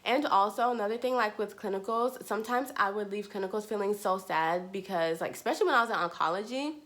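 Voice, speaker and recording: A young woman in nursing school talks fast at a medium pitch, her tone a little bright. Chatting informally to camera, she tells a story while filling it with "like" and "you know."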